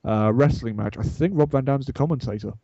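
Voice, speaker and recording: Man, mellow dark voice, relaxed easygoing guest, dry dull lo-fi sound. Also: mid-range voice, fairly quick, slightly rough, no echo. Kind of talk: casual gaming chat.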